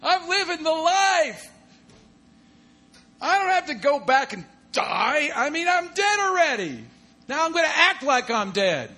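A man preaching a sermon, exclaiming often with "come on" and "glory to God," and swinging between loud bursts and hushed asides. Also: extremely high pitch, sing-song, measured pace.

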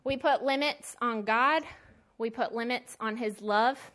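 Woman Bible teacher, fairly high voice, chatty, emphatic preaching with slang. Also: a little slow, fairly bright tone. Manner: conversational and emphatic, with plain slangy asides. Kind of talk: casual sermon.

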